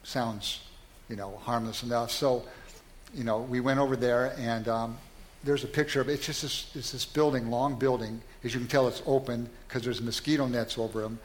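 A man's voice: mid-range voice, fairly even intonation, normal speed, a little hiss or hum. A man speaking in a candid, self-deprecating and reflective way, telling a personal story in conversation.

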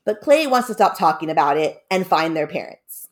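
A woman's voice: low voice, big pitch swings, normal speed. A woman retelling a spooky story in a loose, chatty way, peppered with "like" and "kinda".

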